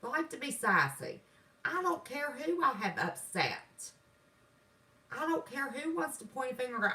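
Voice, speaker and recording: Southern woman, sassy livestream host, bright voice, set back from the mic. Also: mid-range voice, very animated, moderate pace, distant mic, rough recording. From West Virginia. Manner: sassy, defiant, folksy. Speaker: channel host. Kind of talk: livestream chat reading comments. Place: home, indoors.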